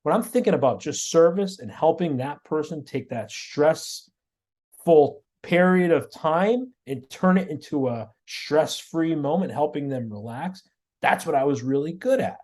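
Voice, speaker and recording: A man, a guest on an interview show, tells his stories in an animated way and often repeats words and restarts mid-sentence. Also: on the high side, measured pace. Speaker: guest, auto body shop owner. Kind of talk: storytelling in a podcast interview.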